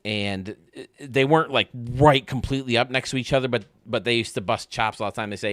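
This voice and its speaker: A man's voice: mid-range voice, brisk, hardly any pauses, no echo, studio quality. A man streaming a baseball game, rambling and joking casually with his chat. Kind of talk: casual chat while playing.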